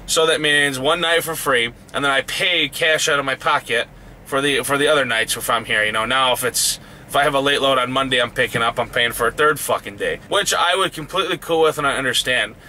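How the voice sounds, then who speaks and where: A man's voice: medium pitch, brisk, pushed and bright, slight background noise. Swearing, fired-up male trucker ranting. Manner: heated, swears constantly, voice rising in outrage. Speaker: truck driver vlogger. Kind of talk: angry profane rant.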